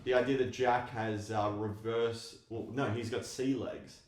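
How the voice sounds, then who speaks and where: A man's voice: fairly low pitch, fairly even intonation, measured pace, a little mellow. A man co-hosting a casual movie chat, laid-back, mostly giving short replies. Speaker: podcast co-host. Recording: distant roomy mic.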